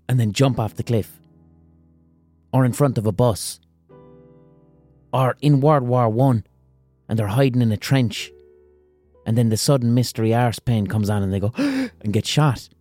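A man's voice: mid-range voice, no echo. Crude man telling a comic story. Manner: crude, animated, gasping impressions. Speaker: podcast host.

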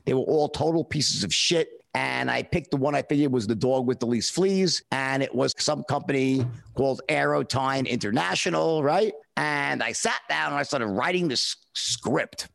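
Gravelly man telling a story animatedly. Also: moderate pace, hardly any pauses. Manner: animated, acts out voices with big pitch jumps. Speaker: interview guest. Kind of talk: casual storytelling.

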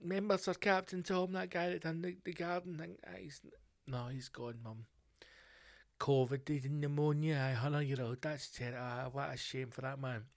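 Man doing a hushed everyday son. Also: a little high, steady tone, moderate pace, natural voice.

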